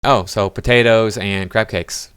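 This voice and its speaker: A man's voice: lowish voice, fairly even intonation, a little slow, a bit bright, clear, resonant tone, dry recording. A man giving sarcastic, mocking commentary on video clips. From United States. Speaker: reaction commentator. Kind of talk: critical commentary over clips.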